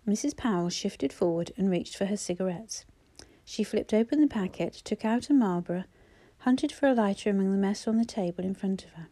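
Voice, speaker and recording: A woman narrates a novel in scripted storytelling, her delivery steady and expressive. The voice is warm and mellow, with a mid-range pitch. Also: normal speed. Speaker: audiobook narrator.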